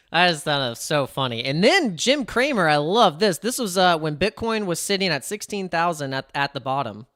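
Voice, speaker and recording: A man's voice: on the high side, sing-song, normal speed, bright, forceful tone. A man chatting casually on a crypto live stream, rambling and cutting himself off, laughing often.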